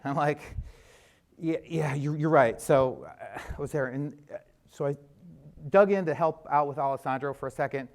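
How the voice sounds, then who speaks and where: A man's voice: mid-range voice, fairly quick. A middle-aged man giving a chatty, self-deprecating conference talk on a theater stage, with fillers and restarts. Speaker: conference speaker.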